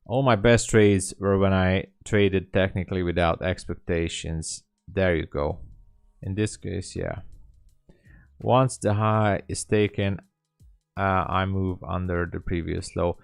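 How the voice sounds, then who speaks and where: A man talking slowly and thinking aloud while day trading on a live stream, often apologizing for small mistakes. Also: low voice, fairly even intonation, vocal fry, clean tone, no room sound, clean studio sound, faint music behind. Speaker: livestream day trader.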